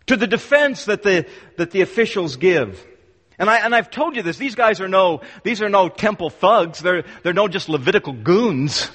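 A man's voice: sits high, fairly bright tone. A man preaching a sermon to his congregation, emphatic and repeating words for force. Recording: long hall reverb.

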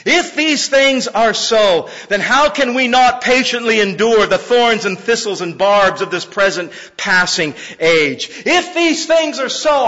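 A man preaching a sermon as pastor, repeating words for emphasis and swinging from loud, pressing lines down to soft, quiet ones. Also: high-pitched. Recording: muffled recording with long hall reverb.

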